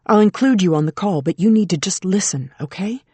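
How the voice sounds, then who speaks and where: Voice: mid-range voice, animated, fairly quick, a little mellow, slightly rough, dry recording. An audiobook narrator voicing a determined woman who speaks tensely and bitterly while negotiating for her son, in a dry recording. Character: determined mother under strain, adult woman. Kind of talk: audiobook character reading.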